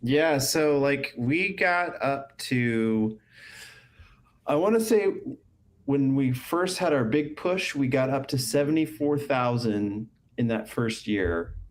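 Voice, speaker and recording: A man's voice: mid-range voice, slow pace. A man with a stuffy, congested voice co-hosts a live stream. He talks in an easygoing way and slips in crude jokes. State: congested from a cold. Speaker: co-host of a live show. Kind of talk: casual live-stream chat.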